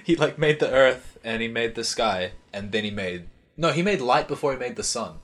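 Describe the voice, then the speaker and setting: A man's voice: mid-range voice, lively intonation, normal speed, fairly bright tone. A man hosting a podcast in casual chat, joking, laughing often and swearing freely. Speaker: podcast host.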